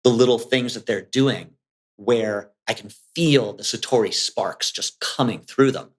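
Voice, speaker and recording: Male podcast guest, relaxed and animated, slips into other voices when quoting. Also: medium pitch. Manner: animated, acts out clients' voices. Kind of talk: casual conversation.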